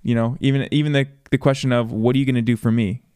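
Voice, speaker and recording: Male co-host, measured and thoughtful, dry close-mic sound. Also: mid-range voice, steady tone, a little mellow, clear, resonant tone, no room sound. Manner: thoughtful, affirming listener who offers quotes. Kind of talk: casual faith podcast chat.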